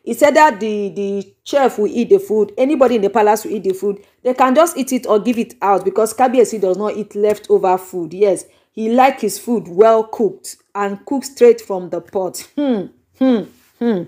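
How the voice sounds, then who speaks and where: Speaking into a microphone, this young YouTuber with a Nigerian accent spins gossip into a lively story full of dramatic exclamations. Her voice is mid-range and her pace moderate.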